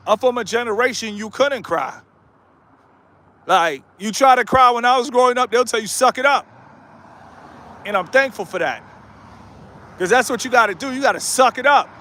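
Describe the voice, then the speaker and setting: A man's voice: high voice, pushed and bright, slight background noise. A man in his late thirties on a live stream, walking through a neighborhood and bluntly urging viewers again and again to toughen up. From United States. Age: 30s. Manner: blunt, repetitive, exhorting. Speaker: YouTuber. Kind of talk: live-streamed motivational rant. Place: outdoors in a residential neighborhood with passing cars.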